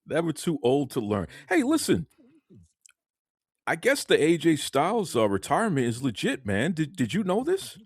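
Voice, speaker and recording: A man's voice: on the high side, huge pitch swings, normal speed, husky, no echo, clean studio sound. A man hosting a podcast, giving hype-man intros and laughing a lot with his co-host. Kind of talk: casual podcast chat.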